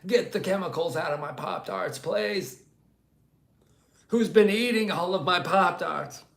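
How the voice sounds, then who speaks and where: Give me a man putting on a frantic, whiny ranter with a strained, higher voice. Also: a little slow, creaky, a bit bright, heavily acted. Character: panicky man ranting about chemicals in his snack pastries.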